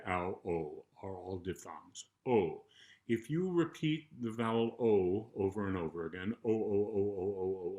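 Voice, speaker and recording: An older man, a choral conductor, calmly and patiently talking singers through a vocal warm-up and demonstrating the sounds. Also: low voice. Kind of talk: spoken vocal instruction between sung exercises.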